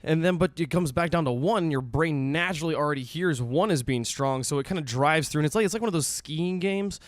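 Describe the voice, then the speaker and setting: Excitable man rambling about music theory. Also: on the high side, fairly quick, no room sound. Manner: enthusiastic, rambling with many restarts, counts beats aloud. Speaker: music vlogger. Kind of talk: casual music theory explainer.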